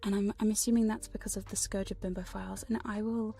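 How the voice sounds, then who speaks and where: A woman chatting in a whispered ASMR livestream, soft and breathy, laughing and swearing casually between close-mic whispers. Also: medium pitch, little pitch movement, quick pace. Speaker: ASMR hypnosis streamer. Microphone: studio condenser mic close up.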